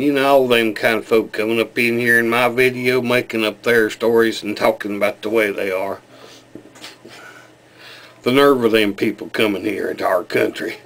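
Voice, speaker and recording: A man's voice: mid-range voice, pitched above the performer's own voice, natural voice. A man voicing a bigoted, churchgoing small-town conservative with a Southern US accent, in a folksy, mock-earnest drawl.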